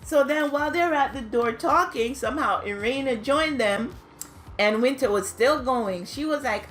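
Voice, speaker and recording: A woman giving a casual, chatty recap of a reality show, gossiping and acting out quotes in high squealing voices. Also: animated, moderate pace, fairly bright tone, slight background noise. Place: home, New York.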